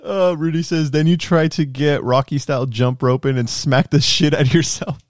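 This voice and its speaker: A man's voice: on the high side, steady tone, normal speed, dry recording, clean studio sound. A young man co-hosting a casual live stream chat, swearing freely and laughing often. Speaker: stream co-host.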